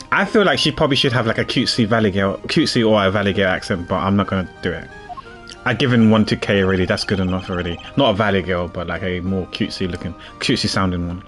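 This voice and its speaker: A man's voice: low-pitched, quick pace, fairly bright tone, soft background music. A man streaming a game, musing and thinking aloud between dialogue. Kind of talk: casual game commentary.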